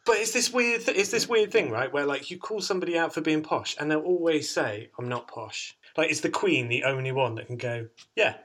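Bright-voiced man hosting chat. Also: a little high, lively intonation, a little fast, hardly any pauses. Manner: chatty, laughs often, jokey. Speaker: podcast host and songwriter. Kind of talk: casual chat.

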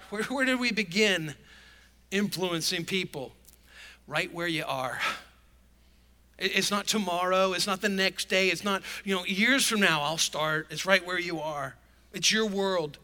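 A man's voice: sits high, pushed and bright. A male pastor delivering a sermon in an emphatic, conversational preaching manner.

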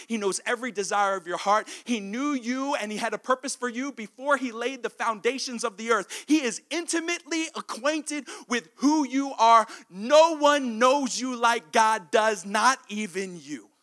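A man delivers a sermon through animated storytelling, his voice high and bright. He moves between lively narration and hushed, intimate passages. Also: moderate pace, few pauses. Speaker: preacher.

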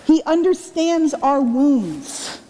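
A woman's voice: high-pitched, big pitch swings, takes it slowly, mellow. A middle-aged woman pastor giving a sermon in a conversational, earnest way, full of rhetorical questions. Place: church sanctuary. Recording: long reverb of a church sanctuary.

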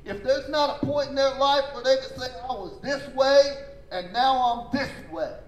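High-voiced preaching pastor, man. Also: moderate pace, reverberant, low-quality recording. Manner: emphatic preaching with call-and-response; folksy, informal phrasing. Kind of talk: sermon.

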